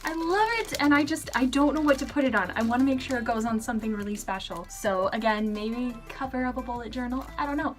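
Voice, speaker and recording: A woman's voice: a little high, fast talker, few pauses, faint music behind. A young woman talking casually in a vlog, gushing with bubbly enthusiasm about things she loves. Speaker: vlogger.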